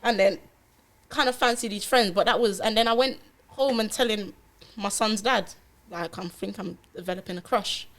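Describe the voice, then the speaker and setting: A young woman, a podcast guest telling her life story in a lively way and acting out past conversations. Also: medium pitch, moderate pace. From London. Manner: animated storytelling, acts out her own past dialogue. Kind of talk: candid podcast interview.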